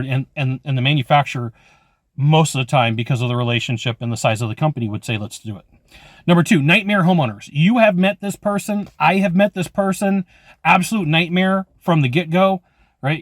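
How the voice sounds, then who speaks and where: Blunt, emphatic man, fairly high voice. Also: no echo, clean studio sound. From California. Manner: blunt, emphatic, storytelling with quoted dialogue. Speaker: HVAC sales trainer. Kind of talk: casual instructional talk to camera.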